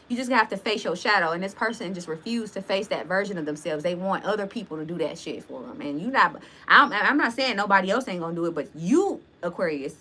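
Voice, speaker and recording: Young woman w/ aave doing a tarot reading, bright tense voice, blunt, swears a lot, laughs in between. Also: medium pitch. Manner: blunt, profane, laughing asides. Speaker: tarot reader.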